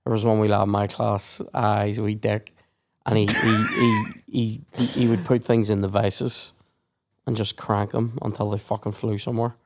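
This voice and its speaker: A man's voice: lowish voice, flat delivery, normal speed, heavy background noise. A young man, hosting a podcast and telling sweary school stories in casual chat. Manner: sweary storytelling, acts out shouted quotes. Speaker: podcast host.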